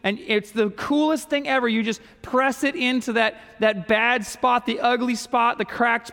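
A middle-aged man, preaching a folksy storytelling sermon that swings between lively telling and soft, hushed moments. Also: very high-pitched, unhurried. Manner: folksy, animated storytelling with sudden soft drops. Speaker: pastor. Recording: long hall reverb.

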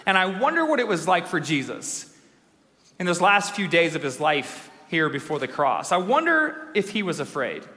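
Man, pastor, emphatic sermon, ringing reverberant church hall, bright tone. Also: high voice. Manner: energetic, emphatic preaching with dramatic slow pauses.

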